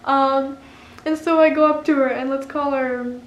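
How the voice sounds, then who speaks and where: Giggly high-voiced young woman vlogger. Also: steady tone, normal speed, roomy sound, slight background noise. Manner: giggly, laughs often through the story. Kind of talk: casual storytelling.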